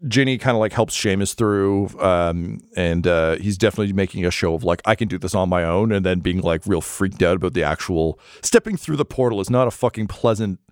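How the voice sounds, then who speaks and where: A man's voice: low-pitched, a little fast, hardly any pauses, a little mellow, clear, resonant tone, no echo, clean studio sound. A man narrating as game master in a casual, swearing style with many fillers.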